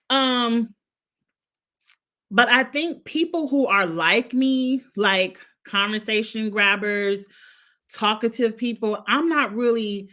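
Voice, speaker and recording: A woman reviewing a reality show in a chatty, animated way, often laughing as she talks. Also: medium pitch. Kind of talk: casual chat.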